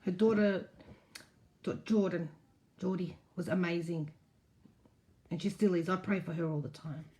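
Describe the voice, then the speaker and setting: A woman's voice: on the low side, fairly even intonation, normal speed, warm tone. A woman hosting a casual live stream, reading out viewer comments and answering them frankly. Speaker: host.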